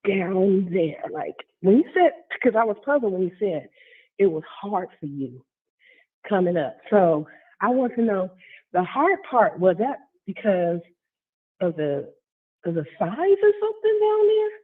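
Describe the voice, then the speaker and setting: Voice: mid-range voice, big pitch swings, measured pace, husky. A caller on a phone line, asking questions in a hesitant, apologetic way. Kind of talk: phone call-in.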